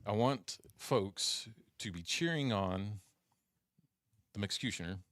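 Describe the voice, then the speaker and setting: A man co-hosting a poker stream, bantering with deadpan jokes and playful boasts. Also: fairly low pitch, unhurried, no room sound, studio quality. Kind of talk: casual joking banter.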